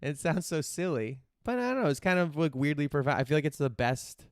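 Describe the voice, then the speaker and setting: A man's voice: on the high side, sing-song, fairly quick, clean tone, no echo, clean studio sound. A man hosting a podcast, chatting in a rambling, candid way and swearing casually. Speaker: podcast host. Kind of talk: casual chat.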